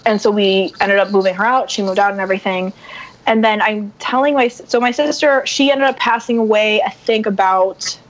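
Woman, podcast guest, casual storytelling, animated, dull lo-fi sound. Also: medium pitch, a little fast. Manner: animated, acts out quotes.

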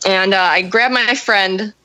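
A woman telling a story in casual chat, animated and profane, acting out the people in it. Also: mid-range voice, unhurried, low-quality recording. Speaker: storyteller on a podcast.

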